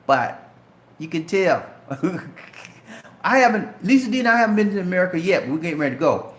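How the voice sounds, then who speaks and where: A man's voice: sits high, expressive, brisk, roomy sound. A middle-aged man from Charleston, South Carolina, with a light Southern Geechee accent, casually answering viewer questions on a live stream and talking directly to viewers. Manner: chatty, addresses viewers directly as man and bro.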